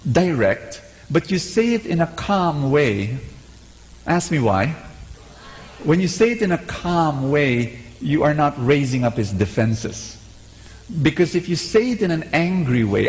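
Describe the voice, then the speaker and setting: A man preaching a sermon, animated and conversational, asking the congregation to repeat after him. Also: fairly high pitch, a little slow, long reverb tail, rough recording.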